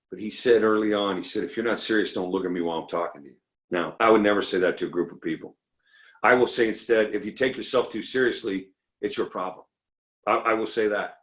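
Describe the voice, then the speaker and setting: Animated middle-aged man telling jokey stories. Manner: animated storyteller, acts out quotes in a higher voice. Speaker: recovery meeting speaker. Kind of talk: comedic recovery talk.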